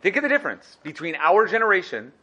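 A man teaching a lively Torah lesson, animated and acting out little scenes. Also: high voice, quick pace, muffled recording. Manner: animated, acts out dialogue.

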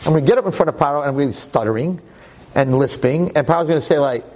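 Man doing nervous young prophet, begging, husky. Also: a little high, rapid-fire, a little mellow, natural voice. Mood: pleading. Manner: pleading. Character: young male prophet, anxious and pleading.

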